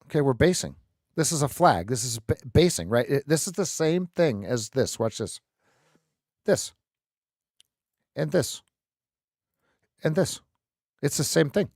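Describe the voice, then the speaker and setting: A man hosting a live trading stream, explaining charts in an animated, joking way and often repeating his words. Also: medium pitch, a little slow, pauses often, no echo, studio quality.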